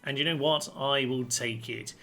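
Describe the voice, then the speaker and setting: Bright-voiced playful man commentating a game. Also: mid-range voice, fairly even intonation, normal speed. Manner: playful, jokey, talks to his units. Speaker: gaming channel host. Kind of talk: let's-play strategy game commentary.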